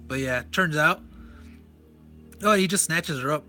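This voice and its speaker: A man's voice: a little high, a little slow, sharp tone, soft background music. A man casually walking through a comic, enthusiastic and rambling, often correcting himself. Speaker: comic reviewer.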